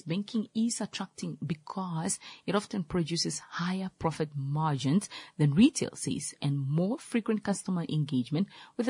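A woman anchoring a studio news show, her voice a touch low and husky in a dry, close sound. She reads her items and questions her guest in a loose way, stopping to correct herself as she goes. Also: darkish tone, no room sound. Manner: loose, self-correcting delivery. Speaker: news presenter. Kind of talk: studio news presenting and interview.

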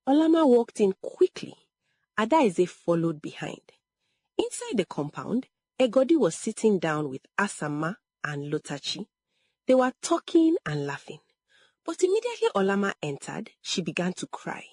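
A woman narrating a family drama story in a slow, measured way, pausing between phrases. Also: mid-range voice, very animated, a little mellow, breathy edge, no echo, studio quality.

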